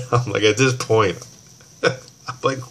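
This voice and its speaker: A man's voice: mid-range voice, steady tone, slow pace. A man ranting heatedly about a store, swearing and rambling, acting out both sides of phone calls. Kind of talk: casual rant.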